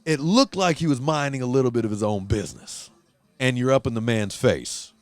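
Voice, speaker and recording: A man hosting a casual podcast chat, telling a story in a profane, animated way and acting out quotes. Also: medium pitch, fairly quick, no room sound. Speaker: host. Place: Huntington Beach, California.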